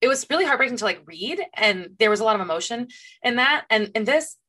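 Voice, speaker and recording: A young woman co-hosting a podcast in casual chat, animated and full of fillers. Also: a little high, fast. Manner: animated, many fillers, acts out quotes. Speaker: podcast co-host.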